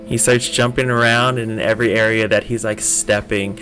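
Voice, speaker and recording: A man's voice: on the low side, fairly even intonation, fairly quick, few pauses, bright, forceful tone, soft background music. A man narrating a tabletop game as game master, casual and full of fillers.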